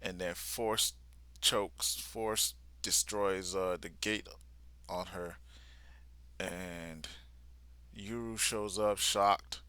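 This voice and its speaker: Slow, bright-toned man reacting casually. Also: low-pitched, steady tone, smooth, no room sound. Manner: casual slangy talk that drops to near-whispers. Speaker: vlogger reacting live to a manga. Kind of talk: live reaction, retelling a comic.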